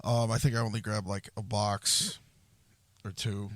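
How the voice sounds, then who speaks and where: Male podcast co-host, low pitch, dry sound, quiet and subdued with casual swearing. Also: little pitch movement, measured pace, no room sound. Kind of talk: casual storytelling.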